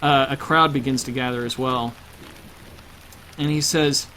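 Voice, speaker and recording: A man's voice: medium pitch, fairly even intonation, unhurried, pauses often, bright, forceful tone, a little hiss or hum. A man narrating a tabletop role-playing game as game master.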